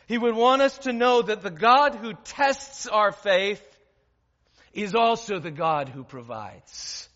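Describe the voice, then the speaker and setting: A man preaching a sermon as pastor, emphatic, with dramatic pauses and swings from loud to hushed. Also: high-pitched, animated. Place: church hall with stage. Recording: dull recording in a reverberant hall.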